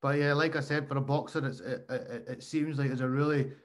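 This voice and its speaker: A man hosting a casual interview, relaxed and supportive, with some hesitant restarts. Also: mid-range voice, a little fast.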